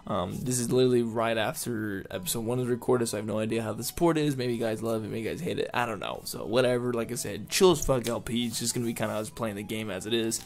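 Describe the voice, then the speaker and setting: A man's voice: medium pitch, fast, vocal fry, few pauses, darkish tone. A young man casually commenting on a game he plays, profane, joking and rambling, sleep deprived. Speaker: let's player. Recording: faint game music behind.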